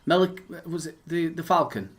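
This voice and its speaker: Northern English man, slightly high voice, rambling podcast co-host, lots of restarts. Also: normal speed, crowd noise. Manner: rambling, many restarts and fillers, reads news aloud. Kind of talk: casual chat.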